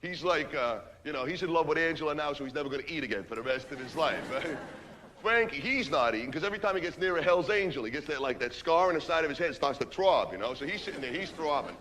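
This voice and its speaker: A brash, streetwise young guy in a comic stage monologue, rambling in rough slang and tagging every line with a quick "right?". His voice sits a bit high for a man, with a faint hum of room ambience behind it. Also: expressive, fairly bright tone, in a large hall. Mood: boastful.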